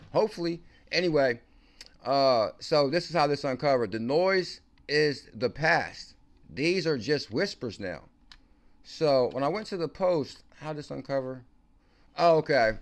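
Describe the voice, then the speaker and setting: A man hosting a casual crypto livestream, excitable and slangy, talking to viewers by name. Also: mid-range voice. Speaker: crypto channel host.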